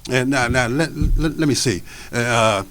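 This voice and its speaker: A man's voice: mid-range voice, unhurried, fairly bright tone, close to an everyday voice. A man voicing a big male Great Dane who gives an earnest speech to a crowd of dogs, in spoken word storytelling. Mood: rallying. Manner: earnest speechmaking, repeating points.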